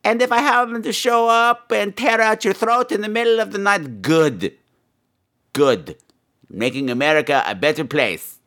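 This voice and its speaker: A man hosting a comedy advice show as a crude, theatrical gargoyle, with wild pitch swings. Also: expressive, normal speed, fairly bright tone. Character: crude self-made gargoyle advice host. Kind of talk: comedy podcast advice segment.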